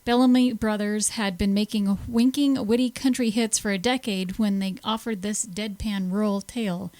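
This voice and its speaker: A woman co-hosting a radio talk, reading prepared notes smoothly and evenly, with short agreeing replies in between. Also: mid-range voice, fairly even intonation, normal speed, darkish tone, no echo. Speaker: radio show co-host.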